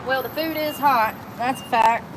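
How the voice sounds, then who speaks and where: A woman vlogs outdoors into a handheld phone, chatting to herself in a blunt, slangy way. Her voice sits a little high for a woman. Wind and passing cars are clearly heard around her. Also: normal speed. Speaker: vlogger. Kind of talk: casual self-talk vlog. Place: outdoors on a windy street. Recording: wind and traffic noise outdoors.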